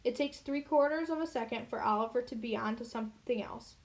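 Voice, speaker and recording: A woman narrating a children's novel in the first person with an expressive, earnest reading. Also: a little high, fairly quick. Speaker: audiobook reader.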